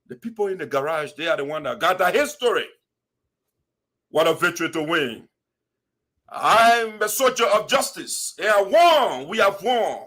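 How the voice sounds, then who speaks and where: A man's voice: high-pitched, a bit bright. Impassioned man, preachy and rhetorical. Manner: preachy, rhetorical, scolding, quotes scripture. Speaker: diaspora community commentator. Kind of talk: impassioned commentary monologue.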